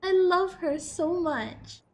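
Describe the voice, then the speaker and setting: A woman streaming a game, chatting casually in an excitable, giggly, gushing way. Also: very high voice, takes it slowly, slight background noise.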